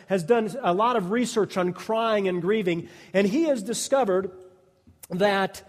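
A man with a high voice preaches slowly and deliberately, leaning on repeated phrases and questions to his congregation. His words ring out with a long reverb from a large church hall. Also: darkish tone. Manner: emphatic preaching with repetition and audience prompts. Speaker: pastor. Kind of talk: sermon. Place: church sanctuary.

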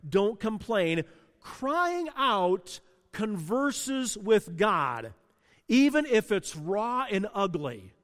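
A man with a notably high voice preaches from the pulpit. He talks with passion, sinking low and quiet before surging loud. His words ring out with a long church-hall reverb. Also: very animated, very slow. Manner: passionate, swings from hushed to loud. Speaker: pastor. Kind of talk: sermon.

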